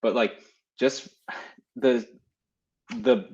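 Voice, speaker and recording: A man appearing as a guest on a casual podcast, relaxed and quick to laugh as he talks about films. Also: medium pitch. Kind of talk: casual movie chat. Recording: dull lo-fi audio.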